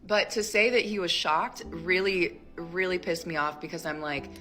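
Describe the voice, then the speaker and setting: A woman in her thirties tells a personal story in a casual, rambling way, leaning on "like" constantly. Her voice sits fairly low, but she jumps up sharply when acting out what people said. Soft music plays faintly behind her. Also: normal speed. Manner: chatty, rambling, heavy use of "like"; acts out quoted lines with sharp jumps up in pitch. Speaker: storyteller in a social media clip.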